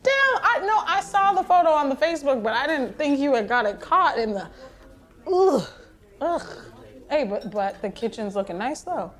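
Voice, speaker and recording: A woman's voice: sits high, big pitch swings, normal speed. A woman playing an older male hospital patient who rambles chattily, with laughing asides, in a stage play monologue. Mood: rambling.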